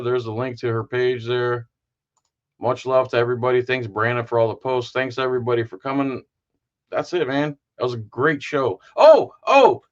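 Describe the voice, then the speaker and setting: Here the livestream host has a mid-range, fairly bright voice, captured in dull audio. He's wrapping up casually, wandering from joke to joke with plenty of fillers along the way.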